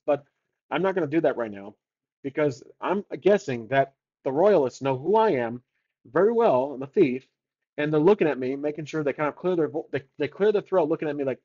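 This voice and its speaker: A man's voice: fairly high pitch, lively intonation, fairly quick, a little mellow, highs cut off. A man narrating his solo tabletop game, casually thinking aloud and rolling odds for each choice.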